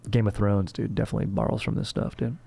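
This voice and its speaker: A man's voice: on the low side, flat delivery, quick pace, vocal fry, mellow, slightly rough. A young man hosting a comedy history show, rambling in a slangy, profane way and calling everyone dude and bro. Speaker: comedy history podcast host.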